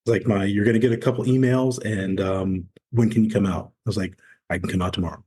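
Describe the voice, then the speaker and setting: A man's voice: fairly low pitch, fast talker, slightly rough. A man in his forties, a former Navy SEAL, candidly telling his story as a podcast guest and acting out the voices of people he met. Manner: candid, animated storyteller acting out quoted dialogue. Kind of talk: conversational storytelling interview.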